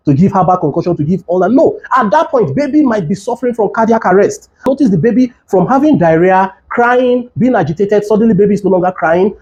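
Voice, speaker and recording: A man with a high, warm voice speaks as a doctor giving health education to caregivers. His instructional talk includes a demonstration, and he teaches earnestly, repeating urgent warnings.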